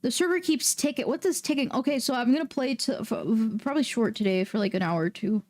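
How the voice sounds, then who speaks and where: High voiced girl streamer, super excitable, swears a lot, yells sometimes. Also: brisk. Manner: excitable, swearing, loud outbursts. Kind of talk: casual livestream chat.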